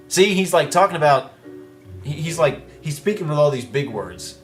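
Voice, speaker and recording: A man's voice: a little high, lively intonation, a little slow, pauses often, faint music behind. A man giving casual, rambling let's-play commentary with playful asides while reading game dialogue.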